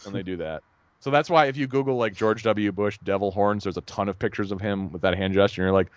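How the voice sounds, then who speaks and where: A man co-hosting a podcast, chatting casually in a rambling, animated way and laughing at his own jokes. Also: low-pitched, quick pace, clean tone, dry recording. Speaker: podcast co-host. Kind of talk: casual chat.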